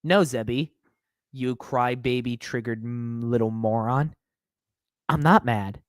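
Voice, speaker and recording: A man's voice: mid-range voice, slow, dry recording, clean studio sound. A man hosting a live stream, reading viewer comments aloud and answering them with sarcastic, mocking commentary.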